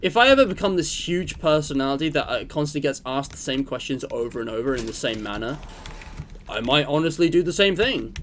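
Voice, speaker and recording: A young man with a high-ish, fairly bright voice talks expressively and a little fast, with slight background noise. Streaming a game, he rambles and jokes with chat throughout the casual gameplay talk.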